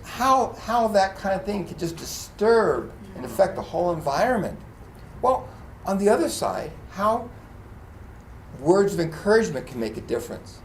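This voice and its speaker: In a church, a pastor with a high-sitting voice preaches at normal speed, his sound reverberant with a bit of hiss or hum. He tells stories animatedly, acts out many quotes, laughs often, and is choked up at times.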